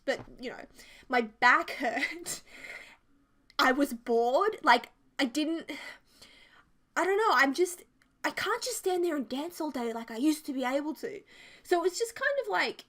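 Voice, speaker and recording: A woman's voice: sits high, big pitch swings, fairly bright tone. A woman in her twenties with an Australian accent, rambling through a funny personal story in casual vlog talk, laughing often and filling her sentences with "like". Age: 20s. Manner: chatty, rambling, quick to laugh, many "like"s. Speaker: Sims speed-build vlogger. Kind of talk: casual storytime over a speed build.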